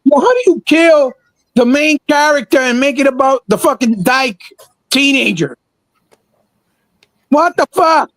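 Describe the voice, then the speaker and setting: A man's voice: very high voice, lively intonation, unhurried, long pauses, fairly bright tone, dry recording, rough recording. A man co-hosting a casual gaming chat, ranting and swearing in exasperation. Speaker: podcast co-host.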